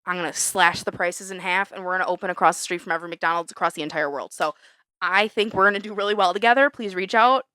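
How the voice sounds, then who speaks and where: A young woman co-hosting a casual podcast, ranting heatedly, swearing often and jumping around in pitch when fired up. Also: fast talker, smooth, no room sound, studio quality. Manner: animated, big jumps in pitch when fired up. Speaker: podcast co-host. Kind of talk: casual chat. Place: small studio under a lamp.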